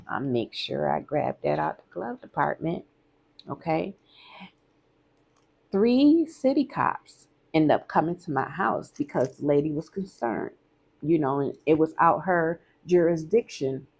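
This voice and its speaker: A woman's voice: sits low, vocal fry, darkish tone, slightly rough, dull audio. A woman telling a personal story in a candid, conversational vlog, often repeating herself for emphasis.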